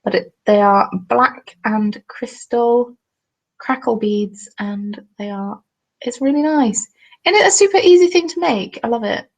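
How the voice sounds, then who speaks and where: Southern english woman, young, gravelly voice, casual webcam chat. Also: a little high, measured pace, poor audio. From England. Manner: chatty, jokey, reads viewer comments aloud. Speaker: craft vlogger. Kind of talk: casual live-stream chat. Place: at home, seated.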